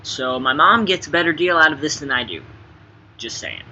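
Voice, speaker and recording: A young man answering fun interview questions in a playful, jokey way, swinging between quiet asides and loud bursts. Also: on the high side, animated, moderate pace. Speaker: interviewee, actor. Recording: slightly dull sound with faint background noise.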